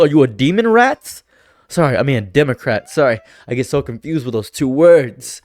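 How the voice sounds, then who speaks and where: A man's voice: darkish tone, dry recording. A man delivering a sarcastic, exasperated political commentary rant, jumping his voice up for mocking asides. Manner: sarcastic, exasperated, swings pitch for mock voices. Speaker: commentary streamer.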